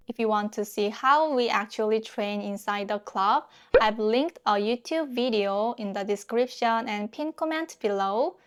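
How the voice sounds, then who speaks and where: A woman with a Korean accent, a native Korean speaker, teaching a pronunciation lesson patiently and repeating example words slowly. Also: fairly high pitch, smooth. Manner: patient, demonstrates sounds with slow repeated drills.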